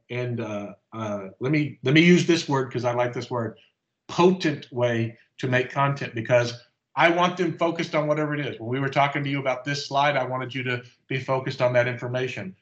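A man presenting at a conference, walking through a live software demonstration step by step in a casual, explanatory way. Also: mid-range voice, normal speed. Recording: slightly dull lo-fi audio.

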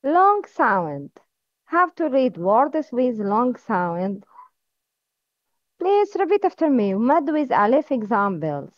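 High-voiced woman teaching slowly. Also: very animated, no room sound. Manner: slow, careful drilling with repeat-after-me prompts. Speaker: Arabic reading teacher. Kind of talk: slow recorded lesson. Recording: dull, lo-fi sound.

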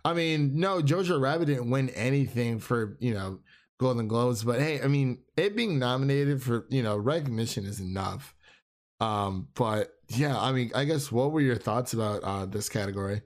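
A man's voice: mid-range voice, moderate pace. A young man co-hosting a casual film chat, rambling with many restarts and frequent laughter. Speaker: film podcast co-host.

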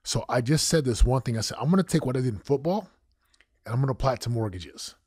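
Husky-voiced man telling his story. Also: mid-range voice, fast, dry recording, studio quality. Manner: emotional, animated storytelling with acted-out quotes. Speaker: guest, former football champion and coach. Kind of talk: candid storytelling interview.

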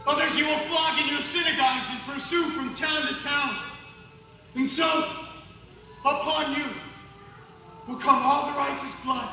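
A man with a very high, bright voice reads scripture slowly and solemnly. The sound is distant and drenched in the echo of a big hall, with soft music underneath. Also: slight background noise. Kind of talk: slow scripture reading.

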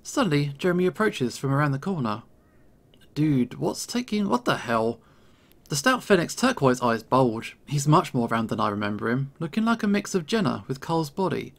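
Male streamer narrating a visual novel, gravelly. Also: fairly high pitch, very animated, a little fast, hardly any pauses. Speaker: game streamer. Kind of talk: reading a visual novel aloud.

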